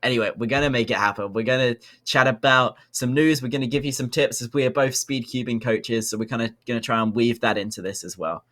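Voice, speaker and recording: A man's voice: mid-range voice, fairly even intonation, fast talker, hardly any pauses, fairly bright tone. A young man, co-hosting a podcast in a chatty, upbeat way with lots of fillers. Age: young adult. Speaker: podcast co-host. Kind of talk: casual podcast chat.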